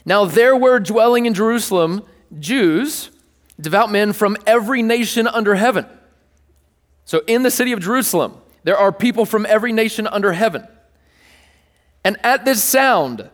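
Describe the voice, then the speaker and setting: A man preaching a sermon to a congregation, playful and animated, joking with the crowd between scripture readings. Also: high voice, normal speed, big-room sound. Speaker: pastor. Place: church hall with a live audience.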